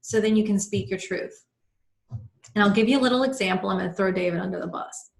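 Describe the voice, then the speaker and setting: A woman's voice: medium pitch, quick pace, gravelly. Earnest woman coaching a video-call class. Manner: earnest, guiding listeners through breathing, telling personal stories. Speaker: life coach teaching an online class. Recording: roomy video-call audio.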